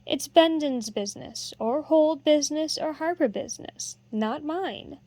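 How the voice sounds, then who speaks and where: A pert, quick-witted boy apprentice of fourteen, as a woman reads him in a storybook. He talks back with prompt indignation in a high voice. The sound is dry and close. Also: dark tone, no room sound. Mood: indignant.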